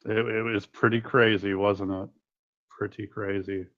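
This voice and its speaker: A man voicing Mike Miles, a young man on an awkward dinner date, low-key and awkward. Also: flat delivery, measured pace, fairly bright tone. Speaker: player voicing a character. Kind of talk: improvised tabletop role-play. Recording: dull lo-fi audio.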